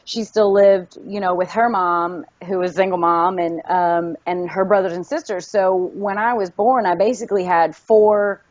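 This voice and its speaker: A woman's voice: lowish voice, moderate pace, hardly any pauses, no room sound. Woman with a faint Southern lilt. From Tennessee. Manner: animated storyteller, acts out quotes. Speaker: actress, interview guest. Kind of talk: casual interview chat. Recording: dull lo-fi audio.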